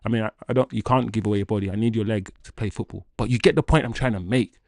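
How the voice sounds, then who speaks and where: A man's voice: lowish voice, fast, no echo. Jokey man, dry close sound. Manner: animated, jokey, reads news aloud then riffs. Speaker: football fan channel host. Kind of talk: casual transfer-news commentary.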